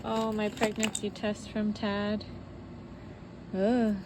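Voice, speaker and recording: A woman records a casual personal vlog at home while sorting through her belongings, rambling in a heartfelt way with plenty of fillers. Her mid-range voice is monotone and slow, and heavy background noise is present.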